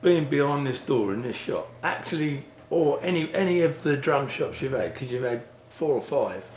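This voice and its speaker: A man's voice: mid-range voice, lively intonation, normal speed, darkish tone, echoey room, slight background noise. Chummy man prodding for stories. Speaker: interviewer. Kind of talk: casual interview chat.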